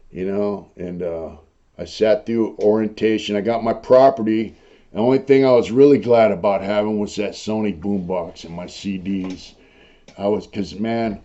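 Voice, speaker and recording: An older man telling his own prison stories in a rough, profane, rambling way, full of fillers. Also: lowish voice, warm tone. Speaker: host recounting prison life. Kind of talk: casual storytelling monologue. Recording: dull lo-fi recording.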